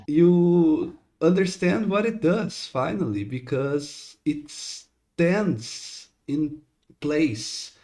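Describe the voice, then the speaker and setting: A man narrating as game master in a tabletop game, unhurried and pausing with fillers. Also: a little high, warm tone.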